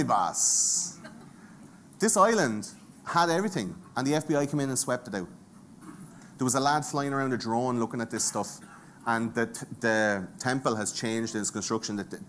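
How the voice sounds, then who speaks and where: A man's voice: mid-range voice, a bit bright. Irish man, live talk, profane, bantering, faint noise. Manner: profane, jokey, bantering with audience. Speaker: conference speaker. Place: conference stage before audience.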